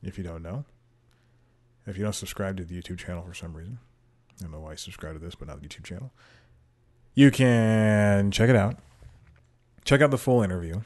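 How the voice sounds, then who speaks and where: Rambling, chuckling man with a low voice. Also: fairly quick, long pauses, a little mellow. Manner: rambling, self-deprecating, laughs often. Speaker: podcast host. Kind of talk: casual solo podcast monologue. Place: home room with TV playing behind. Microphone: desk microphone.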